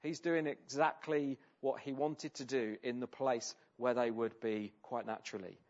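A man preaching a sermon in a conversational way, often pausing with ums and restarting his sentences. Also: medium pitch, steady tone, highs cut off. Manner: conversational, with many hesitations and restarts.

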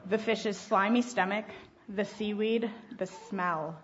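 A woman reading a children's Bible story aloud to a congregation, lively and often laughing. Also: medium pitch, slow, highs cut off, slight background noise. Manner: lively, laughing, acting out voices. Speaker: storyteller at a church service.

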